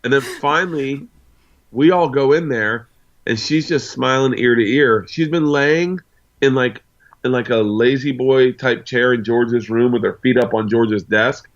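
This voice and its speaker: A man's voice: mid-range voice, unhurried, highs cut off. A man in his forties, a guest on an interview show, telling rambling anecdotes full of asides. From United States. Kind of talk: casual storytelling.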